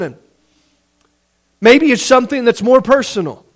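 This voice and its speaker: A man. He is earnest and often stumbles over repeated words as he builds toward a point. Between stretches of quiet he voices pleading prayers. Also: very high voice, moderate pace. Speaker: preacher. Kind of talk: sermon.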